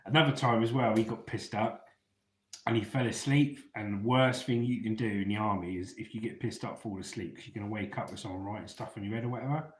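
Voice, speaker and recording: A man's voice: lowish voice, fairly even intonation, quick pace. Chatty man telling stories in an echoey room. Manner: chatty, calls listeners mate. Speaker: ex-soldier live-stream host. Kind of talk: casual live-chat storytelling.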